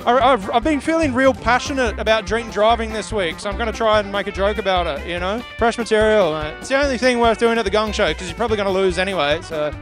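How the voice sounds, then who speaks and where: A man's voice: high-pitched, fast talker, hardly any pauses, over music. A male comedian talking casually in an interview, laid-back and hesitant with many fillers.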